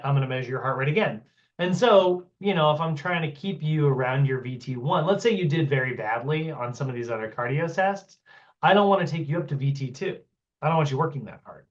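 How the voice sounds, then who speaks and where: A man teaching a fitness training class in a casual, chatty way, acting out exchanges with a client and filling his talk with "like" and "you know". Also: on the high side. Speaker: fitness instructor. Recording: dull, lo-fi sound.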